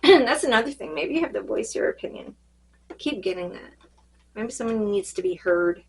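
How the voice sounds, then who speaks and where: A woman reading cards in a casual spiritual check-in, her voice fading and a little hoarse, rambling and halting with many fillers. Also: medium pitch, animated, slight background noise, poor audio. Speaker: tarot card reader.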